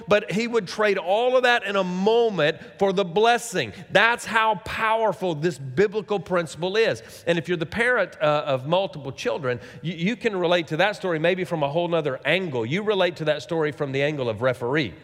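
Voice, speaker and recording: A middle-aged man preaches in a fairly high voice, chatty and direct, throwing questions back at his listeners. His words ring out with a long hall reverb, as though captured in a big church sanctuary. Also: a bit bright. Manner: conversational preaching with rhetorical questions and asides. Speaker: pastor. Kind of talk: sermon.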